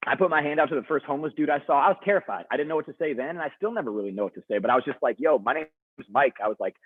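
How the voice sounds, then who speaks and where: Brief: young male motivational speaker, quick and chatty, fillers galore, husky over a dry tinny call line. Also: on the high side, dry recording. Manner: energetic, chatty, lots of "like". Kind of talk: storytelling talk to students. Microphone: video call. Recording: dry, husky, phone-like video call audio.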